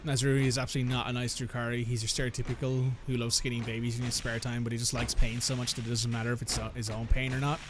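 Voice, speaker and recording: A man's voice: mid-range voice, flat delivery, very fast, few pauses, noisy background. A man chatting casually while playing a video game, rambling and joking as he interrupts himself. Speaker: gamer commentating gameplay with friends. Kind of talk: casual gameplay commentary.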